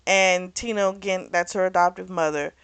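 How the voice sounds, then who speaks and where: A woman's voice: fairly low pitch, steady tone, normal speed, a bit bright, clear, resonant tone, no room sound. A woman hosting a book club, casually recapping a story in a rambling, chatty way and often correcting herself. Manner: chatty, rambling, full of "like" and "you know"; self-correcting, loses track of names.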